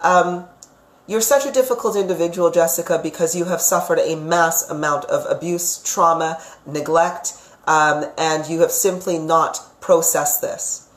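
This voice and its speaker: A woman with a lowish voice gives live psychic readings to her viewers, calling each of them sweetheart. She rambles in a chatty way, full of fillers and restarts. The sound rings around an echoey room. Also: flat delivery, unhurried. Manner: affectionate, calls viewers sweetheart. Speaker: psychic reader.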